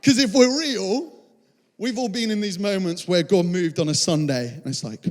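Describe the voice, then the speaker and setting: A young man preaching a sermon to a church, telling a story with animated quoted voices. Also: sits high, normal speed. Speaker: pastor. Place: large church hall. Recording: long church hall reverb.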